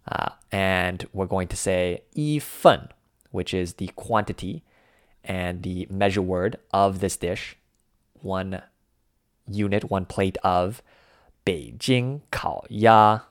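A man co-hosting a language lesson, calmly walking through Mandarin phrases for ordering food. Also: sits low, dry recording, clean studio sound. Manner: unhurried, walks through each dish step by step. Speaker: language podcast co-host.

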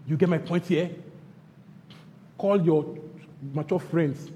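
A Nigerian-accented man preaches a sermon, his fairly high, mellow voice leaping between loud bursts and hushed asides. He hammers phrases over and over. The sound rings with long hall reverb over faint ambience. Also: slow pace, pauses often, a little hiss or hum. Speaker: pastor.

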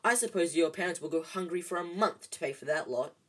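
A smug, spoiled schoolboy, as a reader puts him on, drawling his taunts. The voice is slightly raised and husky. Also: medium pitch, animated, brisk, fairly bright tone. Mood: sneering. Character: smug rich schoolboy, sneering.

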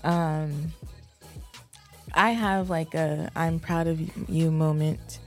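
A woman in her thirties co-hosting a marriage podcast, talking in a relaxed, chatty way with easy laughter. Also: low-pitched, takes it slowly, faint music behind. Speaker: podcast co-host. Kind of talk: casual chat.

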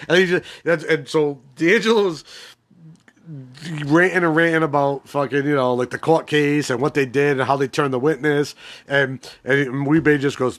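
A man's voice: a little high, steady tone, normal speed. A man hosting a podcast, recapping a crime series in a rambling, profane, casual way with many restarts and fillers. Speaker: podcast host.

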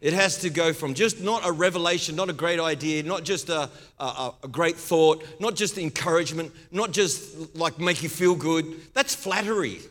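A man with an Australian accent preaching as a guest pastor, playful and excitable, often laughing. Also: fairly high pitch, normal speed, few pauses. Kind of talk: lively sermon. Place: church hall. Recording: long hall reverb.

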